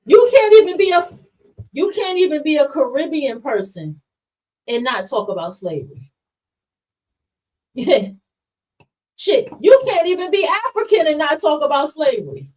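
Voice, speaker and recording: A woman's voice: high voice, animated, moderate pace, pauses often, a little mellow, recorded from a distance, poor audio. A woman hosting a livestream podcast, talking bluntly and passionately to her viewers, swearing and calling them y'all. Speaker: podcast host. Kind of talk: livestream monologue to chat.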